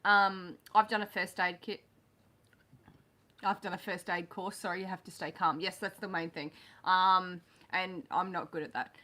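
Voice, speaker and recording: A woman's voice: on the low side, steady tone, bright, forceful tone. A woman co-hosting a farm channel live stream from home, chatting candidly and teasing her co-host. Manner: chatty, candid, quick to tease. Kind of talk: casual live-stream chat. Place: home living room.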